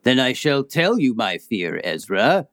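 A man playing a tabletop game in character, talking haltingly with fillers. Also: mid-range voice, very animated, fairly bright tone, dry recording, studio quality. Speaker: player. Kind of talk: casual in-character play.

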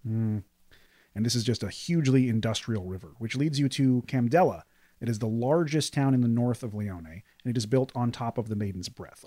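A man narrating scenes as game master of a tabletop game, steady and descriptive. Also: fairly low pitch, no room sound.

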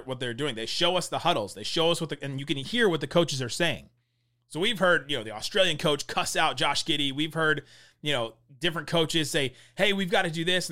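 Young guy talking hoops, bright forceful voice, kinda rambly, laughs as he goes. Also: a little high. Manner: rambling, animated, laughs mid-sentence. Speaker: basketball podcast host. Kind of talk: casual sports analysis.

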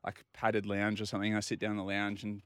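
An Australian man telling a long, animated anecdote on a casual talk show and acting out the other people's lines. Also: fairly low pitch, fast talker, smooth, dry recording, studio quality. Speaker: regular guest. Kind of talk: casual storytelling.

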